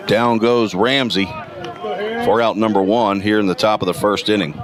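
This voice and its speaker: A man with a gravelly morning voice calling college baseball play-by-play, reading stats in a steady, detailed way. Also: on the low side, normal speed, a crowd in the background. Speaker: play-by-play announcer. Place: outdoor college ballpark.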